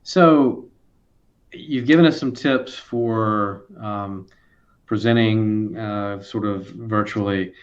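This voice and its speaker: A man hosting an online interview who talks in a halting way, stopping and restarting with plenty of fillers. His voice sits a little low. The audio over the video call sounds dull and lo-fi. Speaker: host.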